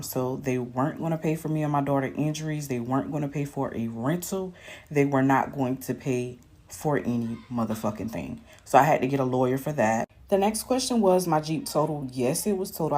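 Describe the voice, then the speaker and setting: A woman's voice: rumbling low, a little fast, darkish tone. A young woman telling a personal story in a casual, matter-of-fact way, with frequent ums. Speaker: storyteller in a clip.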